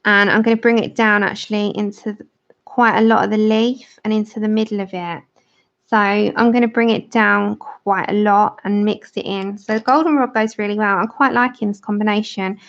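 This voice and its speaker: A woman's voice: mid-range voice, steady tone, moderate pace. A British woman hosting a livestream, chatting casually with viewers while colouring, laughing often and answering comments. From Britain. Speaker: livestream host. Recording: dull lo-fi stream audio.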